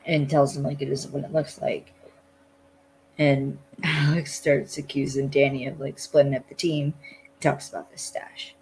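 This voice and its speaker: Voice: medium pitch, level tone, moderate pace, a little mellow, slight background noise, rough recording. A podcast host casually recapping a TV episode, loose and rambling with lots of "like" and some blunt swearing.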